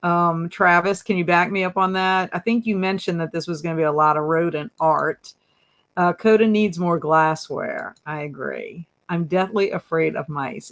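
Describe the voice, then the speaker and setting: A woman's voice: on the low side, normal speed, a bit bright. A woman hosting a casual livestream, chatting and reading viewer comments aloud, laughing often. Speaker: livestream host.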